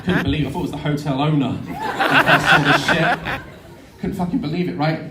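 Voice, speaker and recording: A man in his thirties telling comic stories on stage, sweary and animated, laughing as he goes. His voice sits fairly high and swings widely in pitch. The sound has the echo of a hall and a live crowd behind it. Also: fairly quick. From United Kingdom. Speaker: YouTuber on stage. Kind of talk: live comedy storytelling. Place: theatre stage before a live audience. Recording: echoey hall with crowd noise.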